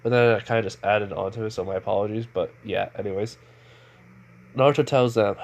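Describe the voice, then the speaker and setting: A man's voice: lowish voice, a little fast, vocal fry. Man, fan story narrator, casual improvised retelling, rambling, lots of fillers and restarts. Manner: rambling, with many fillers and self-corrections.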